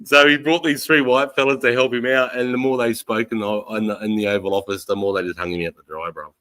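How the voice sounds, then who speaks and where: A livestream host with an Australian accent speaks fast in a medium-pitched, sharp voice with fairly even intonation, heard on a rough recording. It's casual chat, heavy on swearing, with laughter as he retells stories.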